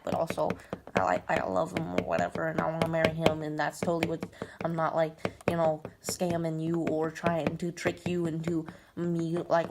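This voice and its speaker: A stubborn teenage Juliet whines and protests in a sarcastic valley-girl drawl, as a woman puts her on. The voice sits a little low. A noisy recording, with clicks behind it. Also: close to an everyday voice.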